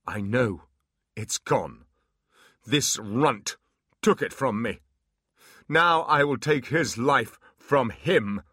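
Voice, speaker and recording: A man's voice: on the low side, animated, a bit bright, husky, dry recording, studio quality, exaggerated voice. A man voicing an unhinged male demon leader who roars and drags out his threats in a storybook reading. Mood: raging. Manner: roaring, drawn-out threats.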